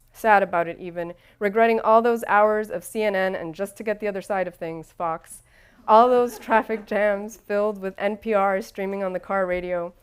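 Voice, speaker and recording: A woman's voice: mid-range voice, smooth. A woman narrating a first-person story aloud in a wry, self-deprecating way.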